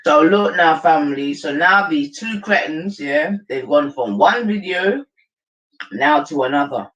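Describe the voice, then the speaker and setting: Animated London man hosting a livestream. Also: fairly high pitch, a little slow, low-quality recording. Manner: animated, slangy, addresses viewers as family. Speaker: livestream host. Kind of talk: casual commentary.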